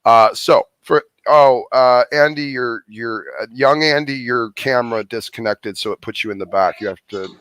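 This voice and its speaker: A man's voice: medium pitch, normal speed, few pauses, a bit bright, clear, resonant tone, no room sound. A man hosting a live call-in stream, wordy, often restarting his sentences. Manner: wordy, with frequent restarts and fillers. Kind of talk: casual live-stream chat.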